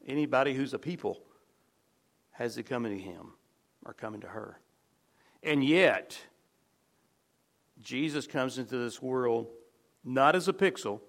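A man with a gravelly, creaky voice delivers a conversational sermon at a middle pitch. He restarts phrases often and sinks into hushed low tones to stress key words. He sounds like a pastor talking straight to his congregation. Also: lively intonation, a little slow, long pauses.

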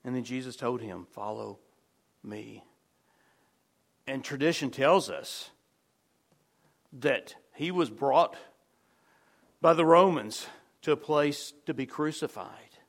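A pastor speaks straight to his congregation in a conversational sermon, his gravelly, creaky voice sitting at a middle pitch. He takes it slowly with long pauses, often restarts phrases, and sinks into hushed low tones to stress key words.

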